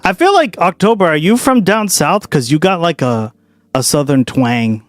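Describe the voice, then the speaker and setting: A man from Boston hosting a casual reaction stream, talking fast and loosely, swearing and laughing often. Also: fairly high pitch, no room sound, faint music behind. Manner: profane, animated, laughs a lot.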